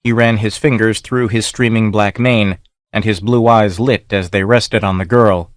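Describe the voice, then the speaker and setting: A male audiobook narrator with a lowish voice, reading in a steady, measured way. The sound is dry and close, with no room around it. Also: dry recording. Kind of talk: scripted narration.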